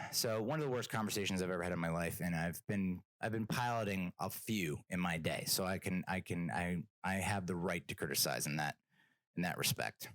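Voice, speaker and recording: A man hosts a solo comedy podcast, rambling through a story with self-deprecating jokes and exasperated asides. His voice sits a little low. The sound is dry and close to the mic. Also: fairly quick, fairly bright tone, no room sound. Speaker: podcast host.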